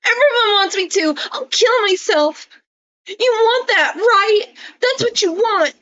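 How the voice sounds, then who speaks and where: A woman's voice: extremely high pitch, expressive, measured pace, bright, forceful tone, highs cut off, pitched above the performer's own voice, full character voice. A woman putting on the voice of a whiny, manipulative young man who sobs and pleads. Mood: bitter. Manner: sobbing, pleading, self-pitying.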